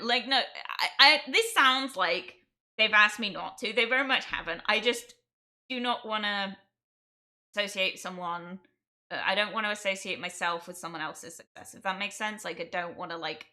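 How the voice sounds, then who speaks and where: Bright-voiced young English woman streamer. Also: mid-range voice. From England. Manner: chatty, reading and answering chat, laughs often. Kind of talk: casual livestream chat.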